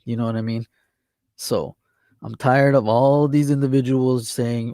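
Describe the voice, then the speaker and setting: A man's voice: mid-range voice, unhurried, gravelly, warm tone, no echo, clean studio sound. A man hosting an online talk show, reading news articles aloud and scolding doubters in a worked-up, exasperated rant.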